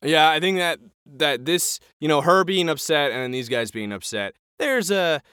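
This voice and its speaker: In a studio-quality recording with no room sound, another podcast co-host, a man, chats casually while recounting a TV episode and performing its lines with animation. His voice is fairly high, clear and resonant, at a moderate pace.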